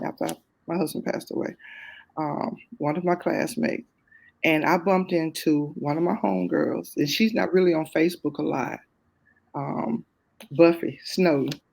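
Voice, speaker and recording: Woman, middle-aged, talk show guest, gravelly voice with vocal fry, lively personal storytelling, casual Southern phrasing. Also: lowish voice. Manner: lively, expressive, quick to laugh at herself.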